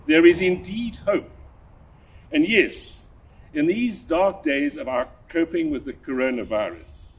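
An older man, a priest, delivering a measured, deliberate sermon with a husky voice. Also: a little high, lively intonation, a little hiss or hum. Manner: measured, deliberate preaching with emphatic rises.

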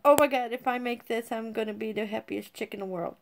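A woman streamer giving excitable let's-play commentary, giggling, swearing freely and squealing when she wins. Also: a little high, fairly quick, vocal fry. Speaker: gaming streamer.

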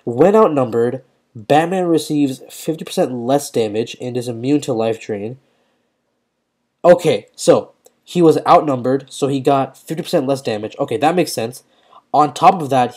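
A man's voice: mid-range voice, moderate pace, darkish tone. A young man giving live commentary while playing a mobile fighting game, talking in slang and often exclaiming in frustration.

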